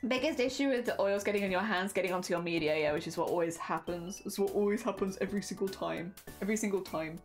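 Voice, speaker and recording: A woman's voice: mid-range voice, fast, hardly any pauses, faint music behind. A young British woman streaming while she crafts, chatting casually and self-deprecatingly with her viewers, often sighing "oh dear".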